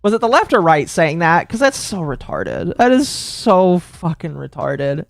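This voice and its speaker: A man from Texas streaming live, chatting casually with his audience in a rambling, excitable way that tips into rants. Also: on the high side, gravelly, dry recording. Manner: rambling, excitable, quick to rant.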